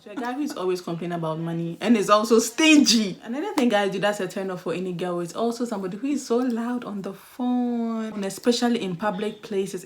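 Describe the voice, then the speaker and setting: A young adult woman giving casual dating advice in a chatty, animated vlog style, often acting out the voices she quotes. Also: medium pitch. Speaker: vlogger.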